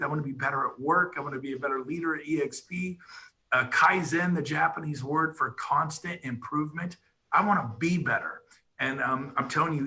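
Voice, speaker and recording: A middle-aged man giving an energetic, emphatic motivational pitch to real estate agents. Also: poor audio. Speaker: real estate brokerage leader.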